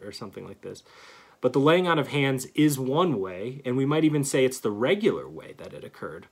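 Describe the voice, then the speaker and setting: A man giving an earnest theology lecture, stressing key words and pausing to restart phrases. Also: lowish voice, darkish tone. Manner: earnest, emphatic, reads scripture aloud with pauses and restarts. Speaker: Christian teacher.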